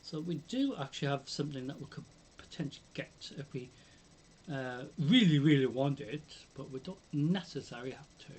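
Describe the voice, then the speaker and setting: A man's voice: mid-range voice, lively intonation, brisk, a little mellow, a little hiss or hum. A British man commentating his own game on a live stream, musing aloud with many hums and ums.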